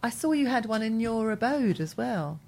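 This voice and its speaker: A woman's voice: a little high, expressive, normal speed, vocal fry, warm tone. A woman co-hosting a radio show, chatting, laughing and reading out listener messages. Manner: giggly, chatty, reads out messages. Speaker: radio co-host. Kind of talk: casual radio chat.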